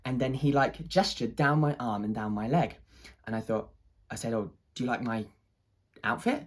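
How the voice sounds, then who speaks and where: An artist telling an excited personal story, full of hesitations, restarts and fillers. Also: medium pitch, moderate pace. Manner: excited, animated retelling.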